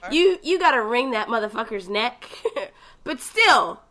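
A woman with a Boston accent co-hosting a casual podcast, brash and quick to swear and laugh. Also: on the high side, very animated, fairly bright tone. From Massachusetts. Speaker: podcast co-host. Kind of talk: casual chat.

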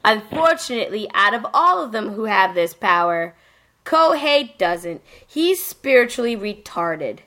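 A woman's voice: medium pitch, very animated, a little slow, fairly bright tone. A woman hosting a casual podcast, recapping an anime in a rambling, profane way full of fillers. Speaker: podcast host.

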